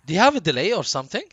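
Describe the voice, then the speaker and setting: A man's voice: mid-range voice, dry recording, muffled recording. Man chatting on stream. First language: Arabic. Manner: relaxed, chatty, halting non-native English. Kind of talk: casual live-stream chat.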